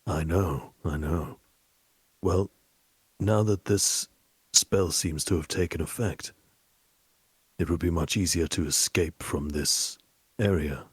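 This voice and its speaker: A man voicing a courteous, old-fashioned ghost gentleman who speaks in a formal, measured way. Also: sits low, slightly rough, dry recording, exaggerated voice. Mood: calm.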